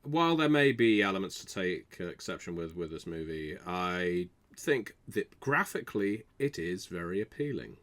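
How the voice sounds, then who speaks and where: A deep-voiced man with a bright, forward tone riffs on a film with his co-hosts. His humor is dry and mock-formal, and the talk is loose and chatty into a podcast mic. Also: big pitch swings, normal speed. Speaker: podcast co-host. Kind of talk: casual movie commentary chat.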